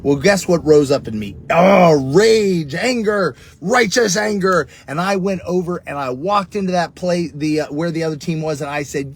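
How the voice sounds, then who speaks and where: A man's voice: moderate pace, creaky, few pauses, slightly rough. A middle-aged man teaching earnestly on prayer, preaching in a conversational way and telling personal stories. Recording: steady rumbling background noise.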